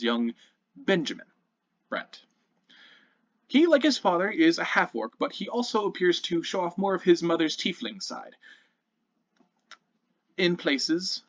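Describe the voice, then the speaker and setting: Male game master narrating a tabletop game, animated and expressive delivery, muffled lo-fi audio. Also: a little high, no room sound. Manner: descriptive and animated, with occasional self-corrections. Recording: muffled lo-fi recording.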